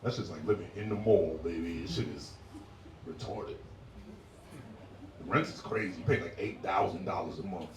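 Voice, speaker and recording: A man doing a stand-up set, animated and jumping into high-pitched impressions of women, with crowd work. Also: normal speed, pauses often. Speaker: stand-up comedian. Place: comedy club stage. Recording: roomy live club sound heard from a distance. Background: laughing audience.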